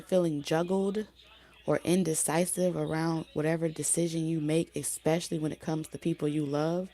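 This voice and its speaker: A woman giving a casual spoken tarot reading, talking loosely with many fillers and restarts, her voice going hoarse. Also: sits low, warm tone. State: losing her voice. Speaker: tarot reader.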